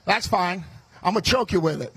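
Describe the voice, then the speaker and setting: A man from the Chicago area giving a fiery rally speech on a state fair stage into a stage microphone, talking fast and loud and shouting his punchlines as a running mate. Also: high voice, husky, poor audio.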